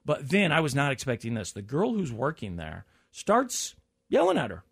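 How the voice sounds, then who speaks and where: A man in his forties in casual chat, an animated storyteller who acts out the people he quotes. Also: medium pitch, moderate pace, vocal fry, breathy edge. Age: 40s.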